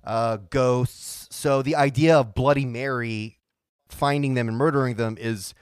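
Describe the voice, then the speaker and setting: A man's voice: medium pitch, a little slow, smooth, no echo, studio quality. A young man co-hosting a podcast, chatting casually and joking. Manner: joking, expressive. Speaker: podcast co-host. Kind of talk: casual chat.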